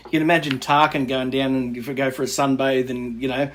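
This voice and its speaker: Upbeat podcast host. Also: male voice, medium pitch, level tone, brisk, a little hiss or hum. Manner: jokey and upbeat. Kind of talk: casual fan chat.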